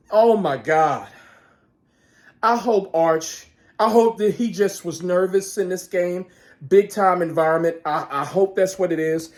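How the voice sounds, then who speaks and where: A man ranting about a football game as a fan vlogger, profane, swinging between shouted outbursts and low muttering. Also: unhurried. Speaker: sports vlogger. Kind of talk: angry fan rant.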